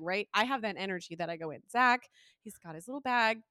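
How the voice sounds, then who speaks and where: A woman co-hosting a podcast in casual chat, telling animated stories full of swearing and acting out what other people said. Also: mid-range voice, quick pace, dry recording, clean studio sound. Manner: animated storytelling, swears a lot; acts out others' lines in raised voice. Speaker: podcast co-host.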